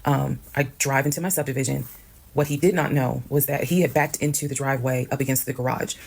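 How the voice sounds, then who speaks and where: A woman telling a personal story in a casual storytime monologue, brisk and matter-of-fact, acting out the people she quotes. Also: a bass voice, fairly even intonation, creaky, darkish tone. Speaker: storyteller recounting her own experience.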